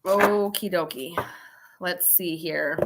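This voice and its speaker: A woman's voice: fairly low pitch, slow pace, heavy background noise. A tipsy woman giving a casual live tarot reading, chatty and laughing, with swearing and dramatic asides. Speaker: tarot reader.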